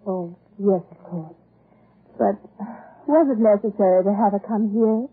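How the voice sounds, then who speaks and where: A woman's voice: mid-range voice, unhurried, slightly rough. Dry-witted English lady. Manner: cool, dry and teasing. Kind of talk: 1940s radio acting. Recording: muffled lo-fi old radio broadcast.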